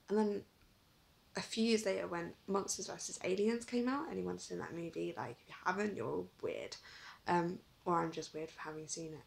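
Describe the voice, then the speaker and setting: Giggly young woman with a gravelly voice. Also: fairly low pitch, moderate pace, poor audio. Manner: chatty, giggly, lots of "like". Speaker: vlogger. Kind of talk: casual storytelling to camera.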